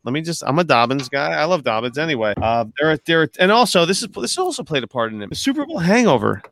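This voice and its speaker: A man's voice: fairly high pitch, fairly bright tone. A man in casual podcast chat, rambling with restarts and swearing freely. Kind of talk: casual fantasy football chat.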